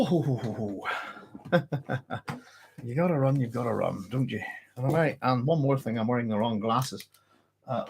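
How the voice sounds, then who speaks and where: A man's voice: medium pitch, gravelly, slight background noise. A man from Northern Ireland with a Northern Irish accent hosts a live book club stream, chatting casually and apologizing a lot while slightly out of breath. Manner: apologetic, chatty, self-interrupting.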